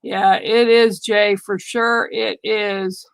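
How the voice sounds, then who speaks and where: A woman's voice: medium pitch, little pitch movement, slow, creaky, clear, resonant tone. An older woman hosting a casual livestream, chatting with viewers and reading cards in a chatty, reassuring way. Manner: chatty, reassuring, talks back to viewer comments. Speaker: livestream reader.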